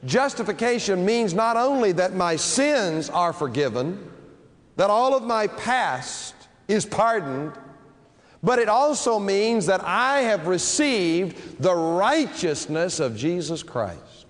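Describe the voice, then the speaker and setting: A man preaching a sermon with dramatic delivery, stretching key phrases slowly for emphasis. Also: high voice, sing-song. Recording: long reverb of a large hall.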